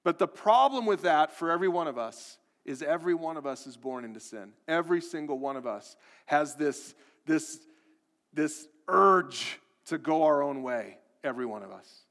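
A man's voice: a little high, lively intonation, fairly quick, hardly any pauses. Earnest male pastor in a reverberant hall. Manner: earnest, repetitive, building emphasis. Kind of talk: sermon.

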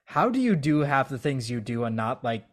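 A man hosting a podcast interview who talks in a relaxed, hesitant way with lots of fillers. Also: mid-range voice, normal speed. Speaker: podcast host. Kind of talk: casual interview chat.

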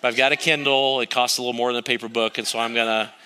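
A man's voice: medium pitch, steady tone, very fast, pushed and bright, a little hiss or hum. A middle-aged male pastor preaching a sermon, telling a story on himself with wry, self-mocking humor.

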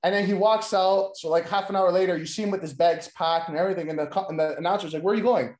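A man with a fairly high voice rambles through a casual chat, leaning on filler words and swearing freely. He is recorded in a roomy space with a noticeable echo. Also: fairly even intonation, fast, darkish tone. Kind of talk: casual chat pitching wrestling storylines.

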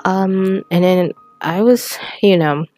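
A teenage girl telling a personal story in a rambling, halting way with many restarts, close to tears at times. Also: medium pitch, dark tone, soft background music. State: tearful at times.

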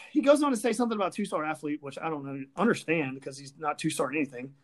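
On this sports podcast, the female host tears into a rival team with sarcasm and swearing. She has a low, expressive voice and talks quickly.

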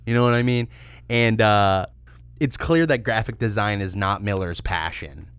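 A young male co-host of a beer-review podcast speaks at a moderate pace in a lowish, smooth, fairly bright voice, captured in a dry recording. His casual comedic chat wanders through sarcastic jokes, punctuated by frequent laughs.

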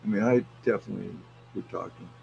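A man's voice: lowish voice, fast, creaky, lo-fi sound, soft background music. A middle-aged man chatting casually, telling stories with lots of swearing and laughter. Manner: animated storyteller, swears freely, laughs often. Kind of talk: casual chat.

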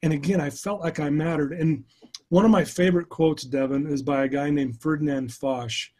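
Husky-voiced man telling an earnest story. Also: on the high side, fairly even intonation, normal speed, a little mellow. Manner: earnest, emotional storytelling with many restarts. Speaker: podcast guest. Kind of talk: personal storytelling in an interview.

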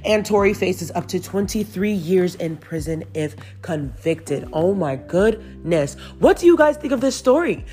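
A chatty woman hosts a celebrity gossip show in a somewhat low voice, reading stories aloud and breaking off to give her own opinions. She giggles now and then, and her voice is still recovering after being lost. Faint music plays behind her. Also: darkish tone. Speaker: celebrity news host. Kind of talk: casual gossip news commentary.

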